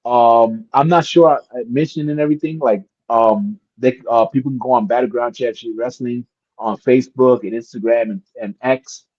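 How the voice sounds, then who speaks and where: Male interview guest, lively storyteller, mid-range voice, dry lo-fi call audio. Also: medium pitch, moderate pace, no room sound. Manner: animated, acts out voices in his stories. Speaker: guest wrestler.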